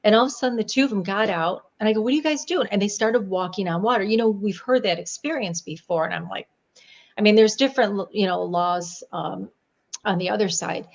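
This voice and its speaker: A woman from the Niagara Falls area, a guest psychic medium chatting casually and telling animated stories with frequent laughs. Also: medium pitch, a little fast, gravelly. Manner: chatty, animated storyteller who laughs often. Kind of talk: casual podcast chat.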